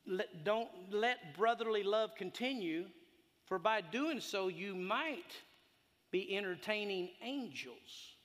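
Animated preacher in an echoey hall. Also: male voice, high-pitched. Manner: folksy, animated, swings from shouting to hushed. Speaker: pastor. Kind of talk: sermon with storytelling.

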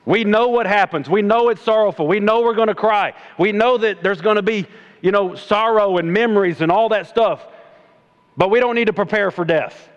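A man preaching a sermon in a plainspoken, folksy way, swinging from loud exhortation to low mocking asides. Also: moderate pace, lo-fi sound. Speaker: preacher and middle school coach.

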